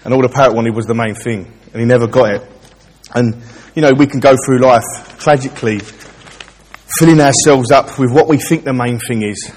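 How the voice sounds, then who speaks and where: A man preaching in a church, chatty and direct with the congregation, his voice pitched in a middle range. The sound carries a long hall reverb, and a faint hiss runs underneath. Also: a little fast, darkish tone. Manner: chatty and direct, addresses listeners. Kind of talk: informal sermon with a joke.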